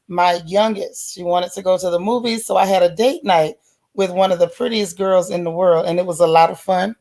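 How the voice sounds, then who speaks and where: A woman hosting a casual livestream, chatty and folksy, greeting each viewer by name with pet nicknames. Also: mid-range voice. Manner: folksy, relaxed slang. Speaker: livestream host. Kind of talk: casual live-chat stream.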